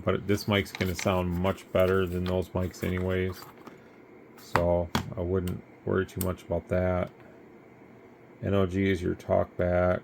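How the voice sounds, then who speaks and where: A man's voice: deep voice, creaky, a little mellow, slight background noise. A man casually demonstrating a radio, rambling in an easygoing way and sounding tired. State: tired, yawning. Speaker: radio seller demonstrating gear. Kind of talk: casual product demo.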